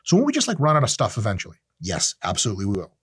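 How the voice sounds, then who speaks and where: Rapid-fire and lower-pitched with a breathy edge, this male podcast host talks casually and opinionatedly, swearing bluntly and performing quoted voices with animation. The audio is studio quality, without echo.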